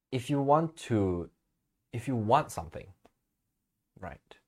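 A man co-hosting a podcast, chatting casually, telling stories and acting out quotes with easy laughs. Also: medium pitch. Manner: relaxed storytelling, laughs easily, acts out quotes. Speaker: podcast co-host.

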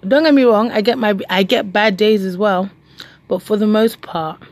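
A woman preaching a devotional message, animated and emphatic, laughing and telling stories. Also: mid-range voice.

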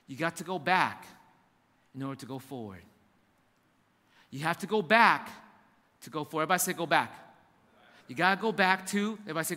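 A man's voice: on the high side, sharp tone, in a large hall. A man preaching a sermon as pastor, emphatic and repetitive, addressing his church directly.

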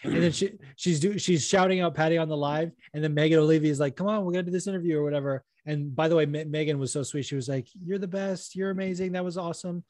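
A young man chatting casually as a podcast co-host, animated and quick to act out what other people said. His voice sits a little high, and the sound is dry and close. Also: no echo. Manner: animated storytelling, acts out quotes. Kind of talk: casual chat.

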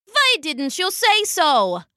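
A cheerful storybook dog who talks in a friendly, slightly clipped way, as a woman puts her on. Her delivery is unhurried and bright, with a dry, close sound. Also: very high-pitched, huge pitch swings, no room sound, heavily acted. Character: cheerful female farm dog.

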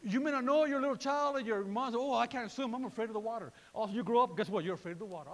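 A man preaching a sermon in a lively way, repeating words and acting out voices. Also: very high voice, racing, in a large hall. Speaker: pastor.

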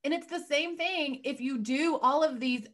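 High-voiced woman podcast host. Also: moderate pace, a bit bright. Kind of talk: casual podcast conversation.

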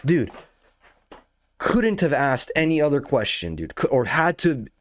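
A man's voice: fairly high pitch, very animated, a little slow. A young man casually telling a rambling, profane story as a podcast host, full of slang and building into outrage.

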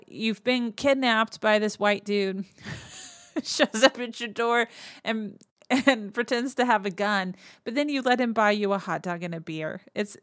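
A woman of ordinary mid pitch hosts a podcast, walking through a movie's story in a loose, conversational way. She laughs often and drops into quick quoted lines for the characters. The sound is close and dry, with no room around it. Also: a bit bright, no echo. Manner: chatty, laughs often, retells scenes with quick quoted voices. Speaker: podcast host. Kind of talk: casual movie recap.

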